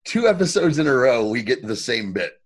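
A man co-hosting a podcast in casual chat, recapping scenes in a profane, animated way. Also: medium pitch, moderate pace. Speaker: podcast co-host.

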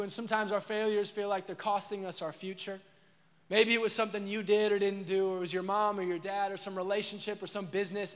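A man's voice: high voice, fairly bright tone, big-room sound. A man preaching a sermon as pastor, earnest and repetitive, asking the crowd questions.

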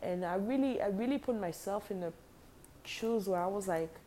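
A woman in her twenties casually telling a personal story, animated and slangy, acting out the dialogue. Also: medium pitch, moderate pace, slight background noise.

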